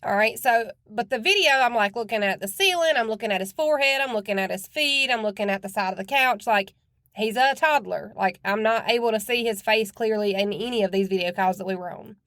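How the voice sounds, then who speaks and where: A woman's voice: medium pitch, brisk, fairly bright tone, no echo, clean studio sound. A woman hosting a true crime podcast, talking in a blunt, chatty and casual way with some cursing. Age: adult with children.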